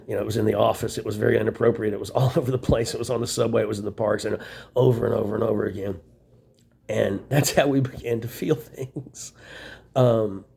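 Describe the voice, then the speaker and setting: A middle-aged man talks straight to the camera in a long, rambling monologue, bitter and full of swearing. His voice is gravelly and husky, with a dark, low-lit tone. He records in a small room at a shelter. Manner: profane, bitter venting. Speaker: vlogger.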